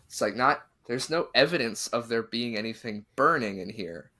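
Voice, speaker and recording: Bright-voiced man telling a spooky story. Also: medium pitch, normal speed. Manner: animated, acts out quotes of the people in his story. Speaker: podcast host telling a story. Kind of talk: casual storytelling chat.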